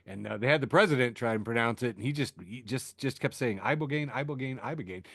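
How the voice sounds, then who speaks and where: A man's voice: mid-range voice, fast talker, creaky, fairly bright tone, dry recording, studio quality. A man hosting a podcast, riffing sardonically through news, laughing at his own jokes, with lots of fillers and restarts. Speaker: podcast host. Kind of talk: casual news chat.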